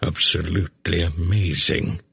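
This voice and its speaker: A man reading the part of an aged, gruff sorcerer who is a grandfather, speaking warily and proudly. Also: deep voice, normal speed, sharp tone, no room sound, clean studio sound, exaggerated voice. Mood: astonished. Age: older.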